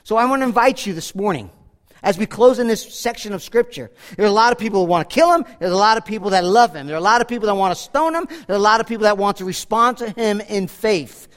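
A male pastor preaching a sermon earnestly, swinging from loud appeals to hushed, quiet lines. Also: high-pitched, quick pace. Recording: long hall reverb.

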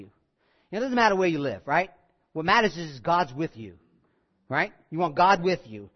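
A man preaching a sermon as pastor, emphatic and repetitive, putting questions to his listeners and moving between hushed and loud delivery. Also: fairly high pitch, animated, moderate pace, pauses often, highs cut off. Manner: conversational, asks the congregation questions.

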